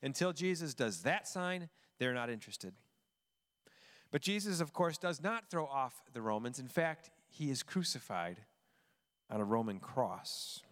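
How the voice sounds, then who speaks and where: A man preaching a sermon, expressive and emphatic, reading scripture and asking the listeners questions. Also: mid-range voice, unhurried, in a large hall. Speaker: pastor.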